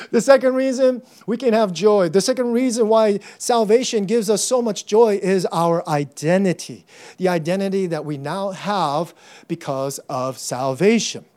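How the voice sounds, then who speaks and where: A man preaching a sermon as pastor, animated, acting out voices and shouting for emphasis. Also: high voice.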